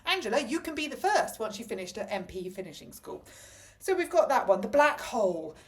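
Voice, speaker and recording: A woman's voice: fairly high pitch, very animated, a little fast. A woman delivering a ranting political commentary to camera, indignant, sarcastic and emphatic.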